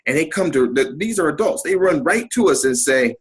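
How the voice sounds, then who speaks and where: A middle-aged man, a guest on an interview podcast, telling a personal story in an animated way and acting out the people in it. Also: fairly high pitch, fairly quick, slightly rough, poor audio.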